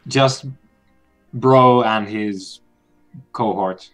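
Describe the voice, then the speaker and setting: A man's voice: fairly low pitch, drawn-out words, a bit bright, faint music behind, rough recording. A man playing a tabletop game, talking casually with many hesitant fillers. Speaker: player.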